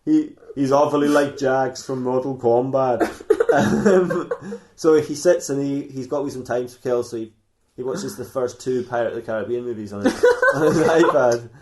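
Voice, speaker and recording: A man's voice: medium pitch, moderate pace, a little mellow, reverberant. A man hosting a comedy podcast, improvising a rambling story with frequent laughs and restarts.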